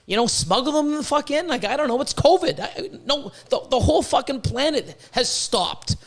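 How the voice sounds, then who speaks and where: A man's voice: very high voice, expressive, moderate pace. A man hosting a podcast, ranting in a rambling, profane way and stumbling over repeated words. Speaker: podcast host, reptile breeder. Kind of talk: casual podcast rant.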